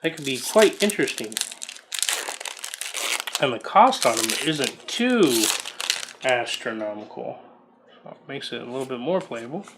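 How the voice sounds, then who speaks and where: Slow-talking man reading card text. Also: mid-range voice, very animated, noisy background. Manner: reads card text aloud, musing and chatty. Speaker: card collector opening booster packs. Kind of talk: casual unboxing commentary.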